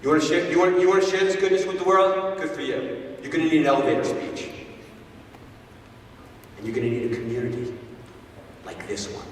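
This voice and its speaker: Animated man telling a story in an echoey hall. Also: on the high side, brisk, long pauses, far from the mic, a little hiss or hum. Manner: animated, repeats words, acts out crowds. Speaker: guest speaker. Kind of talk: storytelling talk to a live audience. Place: hall with live audience.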